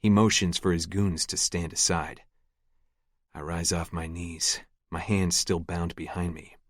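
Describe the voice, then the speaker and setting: A man reads a first-person audiobook in a deadpan, sardonic tone. His voice is very low and steady. The recording is dry and close, with no room sound. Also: a little slow, no room sound. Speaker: audiobook narrator.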